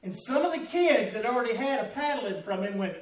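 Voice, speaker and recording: A man's voice: very high-pitched, lively intonation, a little fast. A middle-aged man with a Southern American accent telling a personal story in a sermon, folksy and laughing through the tale. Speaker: pastor. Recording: echoey, from a distance.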